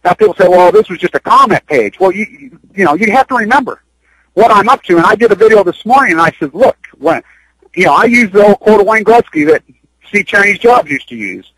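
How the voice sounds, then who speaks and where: Male guest, high voice, urgent and rambling, dry radio sound. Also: lively intonation, fairly quick, fairly bright tone, slightly rough, no room sound, poor audio. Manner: urgent, rambling, repeats himself. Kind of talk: impassioned radio interview talk. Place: Utah.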